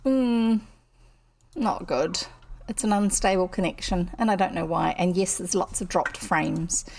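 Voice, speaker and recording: A woman's voice: fairly low pitch, unhurried, vocal fry, darkish tone. A woman chatting casually on a livestream from her home desk, rambling and interrupting herself as a storyteller. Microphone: computer streaming setup.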